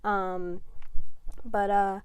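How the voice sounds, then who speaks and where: A woman's voice: medium pitch, flat delivery, very slow, clear, resonant tone, dry recording. A young adult woman vlogging casually, rambling and emotional with lots of fillers. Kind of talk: casual vlog chat.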